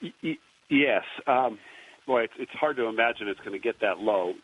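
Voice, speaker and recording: A man joining a sports radio show as a golf analyst, explaining his view in a measured way. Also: mid-range voice, expressive, slight background noise. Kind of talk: phone-in interview. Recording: dull remote line.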